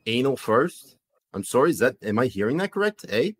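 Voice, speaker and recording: Doing a put-on Canadian accent, a man plays a puzzled, polite trucker protester who keeps saying sorry and eh. The voice is mid-range, very animated and brisk, with a breathy edge.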